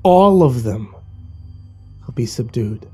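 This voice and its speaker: A man's voice: mid-range voice, lively intonation, slow pace, mellow, breathy edge, faint music behind, heavily acted. A man voicing a menacing corrupted cartoon mouse.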